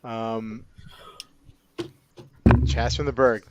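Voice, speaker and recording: A man's voice: medium pitch, level tone, very slow, muffled recording, heavy background noise. A man hosting a casual chat with friends, joking and laughing often. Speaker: host.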